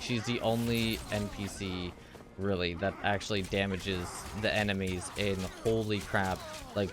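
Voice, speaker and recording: A game walkthrough host rambles casually about his gameplay as he plays, keeping things offhand and doing goofy high-pitched voices for the characters.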